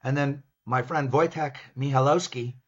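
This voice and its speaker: An older Canadian man speaks as a guest, telling his stories with animated energy and slipping into his own past lines. His voice is husky and sits at a middle pitch for a man. The recording comes through dull and lo-fi. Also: normal speed. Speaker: guest, business professor. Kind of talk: storytelling in an interview. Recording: dull, lo-fi sound.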